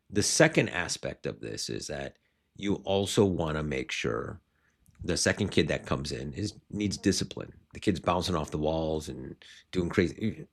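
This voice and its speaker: A man who owns martial arts schools, coaching other owners on a podcast in an animated, rambling way and often restarting his sentences. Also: low-pitched, vocal fry.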